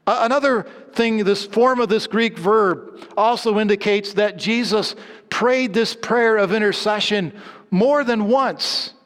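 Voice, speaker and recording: A man's voice: high-pitched, measured pace, fairly bright tone. A man preaching a sermon as pastor, earnest, building through repeated refrains with some restarts. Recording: long hall reverb.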